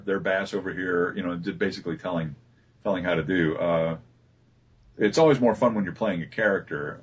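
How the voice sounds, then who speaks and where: A man, a voice actor being interviewed, telling relaxed stories about his work with many fillers and restarts. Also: deep voice, breathy edge. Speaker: voice actor guest. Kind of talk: casual interview talk. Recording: dull lo-fi recording.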